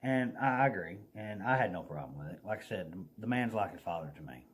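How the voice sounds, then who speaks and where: A man with a Southern US accent telling a folksy, animated story in a casual vlog, laughing as he goes. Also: deep voice, fast, slight background noise.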